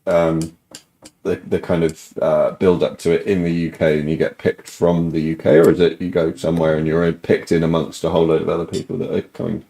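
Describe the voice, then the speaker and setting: Deep gravelly host. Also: male voice, level tone, fairly quick, dark tone. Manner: short encouraging interjections, hesitant questions. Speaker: livestream host. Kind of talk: casual interview chat.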